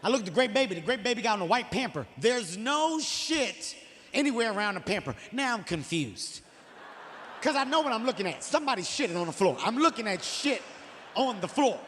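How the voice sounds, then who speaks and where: Forties male comic, high-pitched and exasperated, live in a reverberant venue with faint background noise. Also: fairly quick. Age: 40s. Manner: animated, exasperated storytelling with profane outbursts. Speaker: stand-up comedian. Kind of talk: stand-up comedy storytelling.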